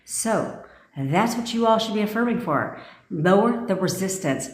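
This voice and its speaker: A woman's voice: medium pitch, expressive, unhurried. Blunt, profane woman coach ranting. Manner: repeats commands for emphasis. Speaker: manifestation coach. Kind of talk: livestream pep talk. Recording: echoey room.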